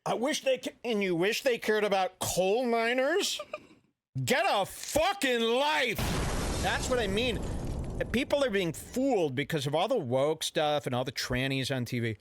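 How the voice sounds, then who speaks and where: A man hosting a radio show, ranting in a brash, mock-serious and deliberately offensive way. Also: high-pitched, expressive, a little hiss or hum. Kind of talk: provocative comedic talk radio rant.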